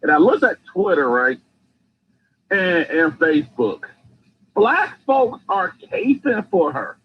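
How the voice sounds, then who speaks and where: A man calling in to a talk show, speaking in a quick, casual and exasperated way. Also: sits high, big pitch swings, slightly rough, dull audio. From Phoenix. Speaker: caller. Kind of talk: call-in talk.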